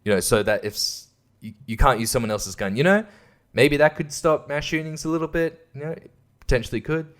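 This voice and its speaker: A man's voice: medium pitch, brisk, a bit bright, natural voice. A man doing a mocking impression of a smug, preachy male stand-up comedian, drawn out and self-righteous.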